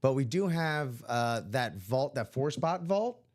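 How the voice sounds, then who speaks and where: A man's voice: medium pitch, animated, measured pace. A man co-hosting a live sports card break stream, laid-back and chatty. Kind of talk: casual live-stream chat.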